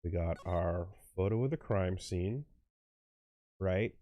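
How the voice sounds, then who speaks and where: A man's voice: low-pitched, slow pace, lo-fi sound. A man hosting a casual let's play, rambling and restarting his sentences as he chats about the game. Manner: rambling, self-interrupting, bursts into loud laughter. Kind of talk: casual gaming commentary.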